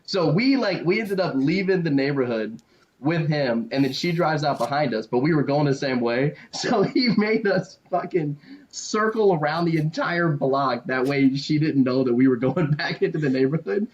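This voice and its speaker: A young man co-hosts a podcast, spinning a story in loose chat and breaking into laughter as he goes. His voice sits a little high and he curses freely. The recording is dull and lo-fi. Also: normal speed. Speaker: podcast co-host.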